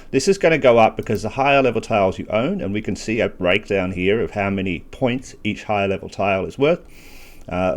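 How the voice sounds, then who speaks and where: A man with a fairly low voice gives relaxed gameplay walkthrough commentary, reasoning out loud as he clicks through menus. He pokes fun at himself now and then and keeps catching the hiccups. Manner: casual, thinking aloud with self-deprecating asides. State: has the hiccups. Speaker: gaming channel host.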